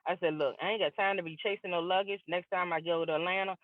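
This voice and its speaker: A woman's voice: lowish voice, quick pace, no echo. A middle-aged woman comedian doing a stand-up set over a video call, telling stories and acting out both sides of each conversation. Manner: lively storyteller acting out both sides of dialogues. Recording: tinny dry video-call audio.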